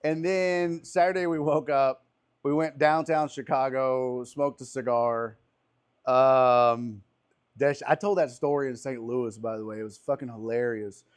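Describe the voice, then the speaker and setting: A man's voice: medium pitch, fairly even intonation, unhurried, clean tone. A man hosting a casual podcast chat, a comedian telling profane, rambling stories on an outdoor patio. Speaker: podcast host and stand-up comedian.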